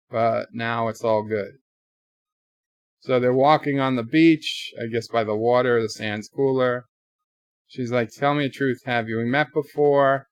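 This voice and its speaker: A man's voice: medium pitch, fairly bright tone, no echo. A man giving a casual live reaction to a TV episode, retelling the plot with quoted lines and offhand asides. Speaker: show reviewer.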